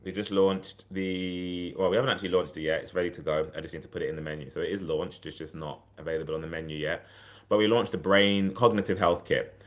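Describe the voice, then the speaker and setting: Male livestream host, deep voice, loose and chatty, restarts sentences often. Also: fairly even intonation, fast. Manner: chatty, rambling, many fillers and restarts. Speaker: herbal health livestream host. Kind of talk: casual livestream talk.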